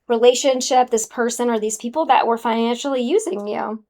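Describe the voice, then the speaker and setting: A woman's voice: on the high side, animated, fairly quick. A woman giving a casual, sassy spiritual card reading to the viewer, calling them honey. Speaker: tarot card reader.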